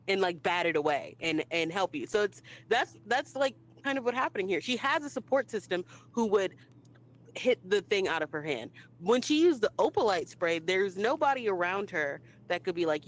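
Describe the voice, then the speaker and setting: Lively woman podcast co-host. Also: on the low side, a little fast, low-quality recording. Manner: lively, acts out quoted lines. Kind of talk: casual chat.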